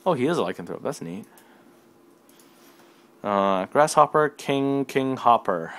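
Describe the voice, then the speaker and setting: A man's voice: medium pitch, animated, measured pace, gravelly, fairly bright tone. A tired young man casually reviewing trading cards from his desk, rambling and self-deprecating. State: tired and yawning. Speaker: card game reviewer. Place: home desk.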